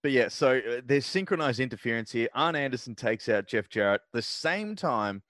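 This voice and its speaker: A man's voice: mid-range voice, expressive, normal speed, a bit bright, dry recording. Man, podcast co-host, casual chat, rambling, lots of fillers, dry close sound. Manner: rambling, chatty recaps with frequent fillers.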